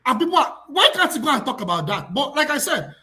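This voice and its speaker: A man holds forth on a panel with a lively, swooping pitch. He repeats himself for emphasis and pushes toward shouting as his passion builds. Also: quick pace. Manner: passionate, repetitive, rising to near shouts. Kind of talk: heated panel debate.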